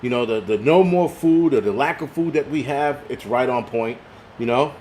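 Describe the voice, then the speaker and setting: A man's voice: mid-range voice, moderate pace, darkish tone, a little hiss or hum. Profane ranting man on a live stream. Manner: profane, ranting, reads chat aloud. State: tipsy from liquor. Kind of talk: casual live stream rant.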